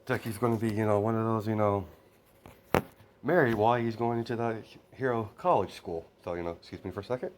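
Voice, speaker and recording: A man's voice: fairly low pitch, fairly quick, a little hiss or hum. Rambling man telling a fan story. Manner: rambling, constant "you know" fillers. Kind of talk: improvised spoken storytelling.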